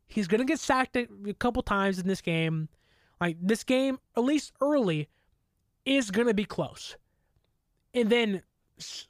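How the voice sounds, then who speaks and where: A woman hosting a sports talk show, rambling excitedly as a fan, with many fillers. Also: fairly high pitch, dry recording, clean studio sound. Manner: mock voices for quoted people. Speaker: sports podcast host. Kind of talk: casual sports commentary.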